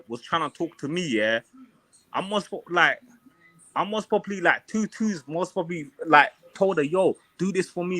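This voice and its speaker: A man's voice: on the high side, fairly bright tone, no room sound. A young man with a London accent, arguing heatedly on a live online panel, swearing and threatening, then backing down. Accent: London English. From England.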